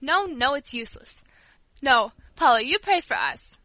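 A woman's voice: high voice, lively intonation, moderate pace, pushed and bright, dry recording, rough recording. A woman voicing an old, blunt but humble woman servant who speaks emphatically. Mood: emphatic. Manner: emphatic, exclaiming.

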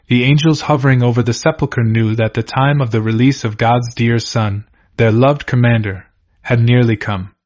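A man narrating a religious book as an audiobook, in a steady, measured reading style. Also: medium pitch. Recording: dull lo-fi recording.

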